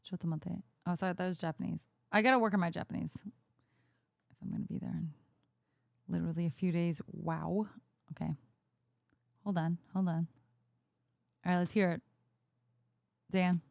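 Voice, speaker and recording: A woman's voice: on the low side, fairly even intonation, creaky, darkish tone, dry recording. A woman livestreaming, chatting casually with a friend on a call and reading chat messages aloud. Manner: chatty, reads chat aloud, quick asides. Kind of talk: casual chat on a live stream.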